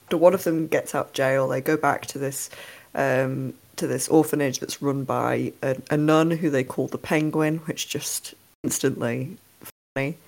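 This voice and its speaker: Female podcast co-host, low voice, lively exclamatory chat. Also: moderate pace, vocal fry. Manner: animated, laughing, exclamatory. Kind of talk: casual film review chat.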